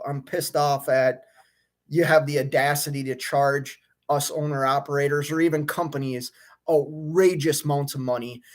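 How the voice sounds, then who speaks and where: A young man who drives his own truck rants on a live stream from a hotel room, his voice set a bit high for a man. He sounds fed up and worked up, tripping over restarts as he vents, then settles into chatting with viewers. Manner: frustrated, fired up, venting with many restarts. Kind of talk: live stream rant and chat reading.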